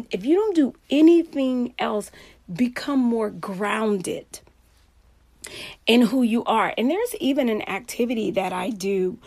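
Woman, coach, motivational talk, animated, frequent laughs, dry close sound. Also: medium pitch, vocal fry, no room sound. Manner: lively, anecdotal, laughs often.

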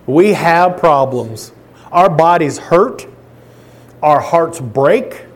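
A man preaches with a fairly high voice, his sermon rising into loud, declaring lines before falling to quiet, tender passages. He repeats and restarts phrases in a fervent pulpit cadence. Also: lively intonation, extremely slow. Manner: swings from loud proclaiming to soft, hushed pleading. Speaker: pastor.

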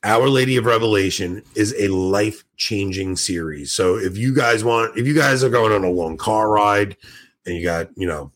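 A man's voice: lowish voice, normal speed, a bit bright. A man hosting a podcast in casual chat, enthusiastic and rambling, sounding tired. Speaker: podcast host.

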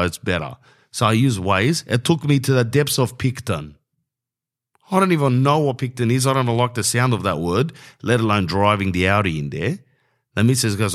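A man's voice: medium pitch, animated, moderate pace. A young Australian man telling rambling, slangy comic stories in a casual monologue.

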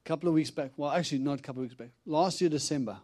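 This traveling preacher talks very fast in a slightly high voice, telling stories to his congregation. He plays out the quotes animatedly and laughs a lot throughout the sermon.

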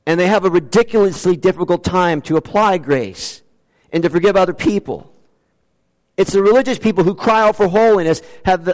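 A male pastor preaching with a fairly high voice. He fires off rhetorical questions, jumping up in pitch and then dropping low and quiet. The sound rings with a long hall reverb. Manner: animated preaching with rhetorical questions and sudden swings in pitch and loudness. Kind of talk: sermon.

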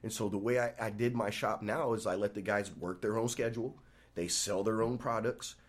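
A man in his thirties, a barbershop owner talking as a guest on a casual podcast, animated and acting out the voices of the people in his stories. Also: lowish voice, brisk. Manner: animated storyteller acting out quoted dialogue.

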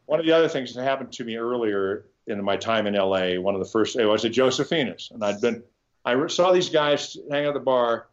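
Highs are cut off in this clip of a man talking fairly quickly in a mid-range voice. A guitarist from Nebraska, he rambles through animated stories in an informal interview, with many restarts and the occasional curse.

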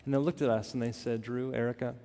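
A man preaching a sermon, telling a personal story with earnest, animated delivery and frequent restarts. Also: medium pitch, fast. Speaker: pastor. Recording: hall reverb.

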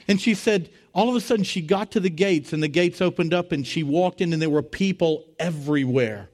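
A middle-aged man preaching as a pastor, telling a story with animated, rising voices for the people in it. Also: brisk, few pauses. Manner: animated, rising to high excited voices when retelling dialogue. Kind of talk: sermon storytelling.

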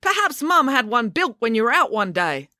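A woman's voice: on the high side, big pitch swings, normal speed, bright, forceful tone, no room sound, studio quality, pitched above the performer's own voice. A woman voicing a breathless, suspicious young boy in a children's storybook reading. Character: breathless suspicious boy, jumpy and wild-imagined.

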